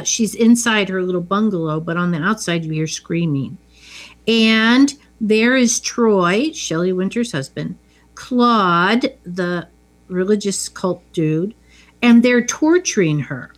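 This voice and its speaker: Woman, mid pitch, casual chat, matter-of-fact film retelling, dry asides. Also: slow pace. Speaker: podcast co-host.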